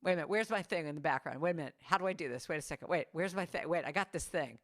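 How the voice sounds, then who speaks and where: A middle-aged woman giving a spiritual talk to a congregation over a video call, animated and playful, acting out the quotes she tells. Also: deep voice, rapid-fire. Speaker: guest speaker and singer.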